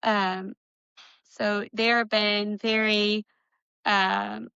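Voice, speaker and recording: A bright-voiced young woman chats her way through a book recap, full of "like" and "um" and quick laughs. The sound is close and dry, a little dull and lo-fi. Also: medium pitch, little pitch movement, vocal fry, clean tone, no room sound. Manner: chatty recapping with giggles and filler words. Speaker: book podcast co-host. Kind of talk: casual book discussion.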